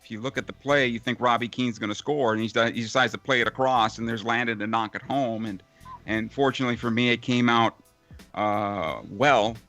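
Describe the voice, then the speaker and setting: A veteran radio play-by-play broadcaster answers questions in a casual interview over a call, reflective and rambling in long run-on lists full of fillers. His medium-pitched voice is steady, fairly quick and fairly bright, with soft background music behind him.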